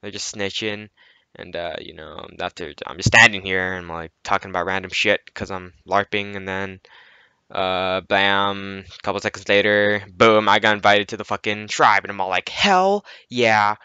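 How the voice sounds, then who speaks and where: Male gamer, casual rambling commentary, constant profanity, sharp tone. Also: deep voice, level tone, normal speed, smooth, no echo, dull audio. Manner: rambling, heavy swearing. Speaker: gameplay commentator. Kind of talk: casual narration over gameplay footage.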